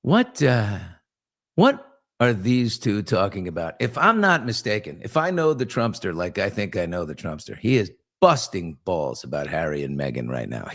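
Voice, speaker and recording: A man's voice: on the low side, very animated, moderate pace, a bit bright. A man hosting a casual live talk show, joking around and rambling with asides to his crew. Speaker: host.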